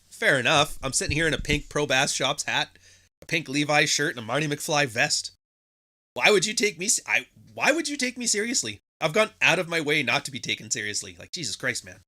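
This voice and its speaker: A man's voice: fairly high pitch, very animated, a little fast, bright, forceful tone. A man hosting a podcast, talking casually in a profane, sarcastic monologue, often mimicking people mockingly. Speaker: podcast host.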